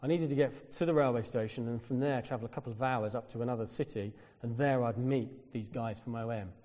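Guy preaching, mellow tone, lively storytelling, big echoey church. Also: mid-range voice, fast talker. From Britain. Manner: storytelling, animated when quoting others. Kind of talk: sermon.

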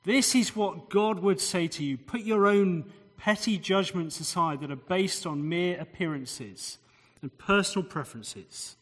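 Preacher in a reverberant hall. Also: male voice, high voice, measured pace, a bit bright. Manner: expository, conversational asides, rhetorical questions. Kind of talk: sermon.

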